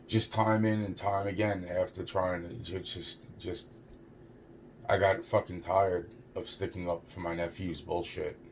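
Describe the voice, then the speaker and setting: Halting, swearing man, low voice. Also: flat delivery, a little hiss or hum. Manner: halting, repeats "it's like", heavy swearing. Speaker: storyteller recounting a personal experience. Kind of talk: rambling personal account.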